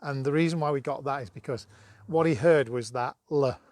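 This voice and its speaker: A man's voice: mid-range voice, brisk, darkish tone, no room sound. A man giving a dog-training demo on a live stream, chatty and coaxing, with bursts of praise for his dog.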